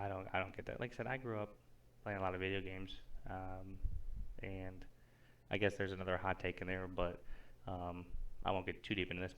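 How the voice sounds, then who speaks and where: A young man co-hosting a podcast in casual chat, telling rambling stories and acting out what people said. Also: low-pitched. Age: young adult. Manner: rambling storyteller, animated retellings. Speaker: podcast co-host.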